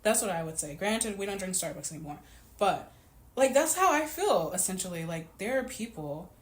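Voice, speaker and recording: A woman in her twenties chatting casually to camera in a vlog, animated and full of "like". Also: mid-range voice, moderate pace. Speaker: vlogger. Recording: echoey room, faint background noise.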